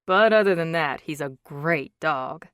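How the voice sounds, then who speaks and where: A woman's voice: low voice, expressive, measured pace, a bit bright, no echo, studio quality. A woman narrator voicing a sarcastic, hot-tempered young man who teases wryly and drags out his words. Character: cocky teasing young man, sarcastic billionaire.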